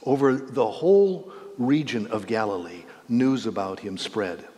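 A man's voice: mid-range voice, animated, a little slow, warm tone. Man preaching in an echoing hall. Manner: emphatic, rising on key words, repeats and corrects phrases. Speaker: preacher teaching a Bible lesson. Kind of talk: sermon-style Bible teaching. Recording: echoey hall reverb.

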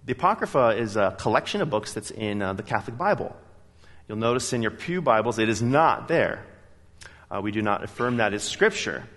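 A man preaching a sermon in a church, telling stories in a lively, emphatic way. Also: mid-range voice, in a large hall. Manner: animated storytelling, emphatic. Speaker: pastor. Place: church sanctuary.

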